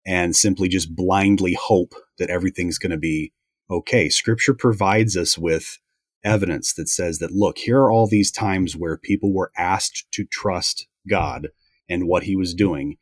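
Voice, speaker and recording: A man in a conversational Bible discussion, explaining in a measured way. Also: low-pitched, no room sound, studio quality. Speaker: Bible teacher.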